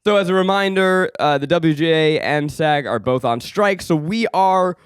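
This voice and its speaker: A man co-hosting a casual podcast, animated as he walks through the story. His voice sits fairly high for a man. The close mic leaves it dry. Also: normal speed, smooth, no echo. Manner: animated, gives the plot summaries. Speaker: podcast co-host.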